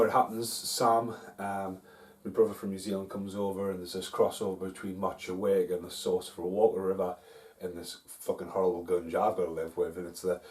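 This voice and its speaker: A man's voice: low-pitched, a little mellow. A man hosting a casual film review vlog at home, rambling and swearing freely. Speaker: host. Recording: roomy, distant from mic.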